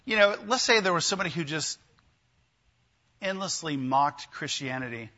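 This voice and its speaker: A man's voice: on the high side, expressive, moderate pace, sharp tone, highs cut off. A man preaching a sermon in a conversational way, often asking his listeners questions. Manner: conversational, asks the congregation questions. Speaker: pastor.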